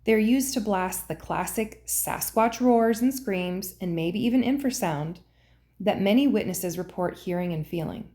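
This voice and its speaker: Mellow-voiced woman narrating a conspiracy theory. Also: mid-range voice, measured pace. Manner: earnest, conspiratorial. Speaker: host and narrator. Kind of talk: scripted narration.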